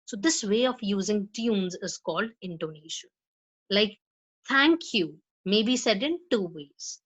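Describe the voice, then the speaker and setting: A woman's voice: mid-range voice, normal speed, breathy edge, low-quality recording. A woman teaching a lesson on pronunciation to students, explaining step by step and often checking in with "right?". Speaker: spoken English teacher. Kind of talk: lecture to students.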